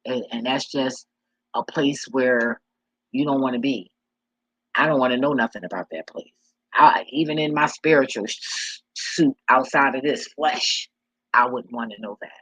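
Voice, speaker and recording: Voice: mid-range voice, moderate pace, a bit bright, husky, no echo, low-quality recording. A vlogger giving life advice in a casual monologue, blunt and profane, with a preachy street-talk manner.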